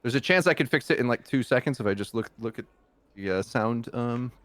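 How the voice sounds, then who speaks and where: A man on a new headset in a voice call, speaking hesitantly with many pauses and "uh"s. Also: mid-range voice, lively intonation, a bit bright, no echo. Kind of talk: casual chat.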